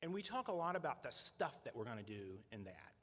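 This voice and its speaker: A middle-aged man running a nonprofit speaks to a breakfast crowd of donors in a reverberant event hall. His mid-range voice swings widely in pitch, a little fast and a bit bright, and his earnest, conversational delivery is sprinkled with "right?"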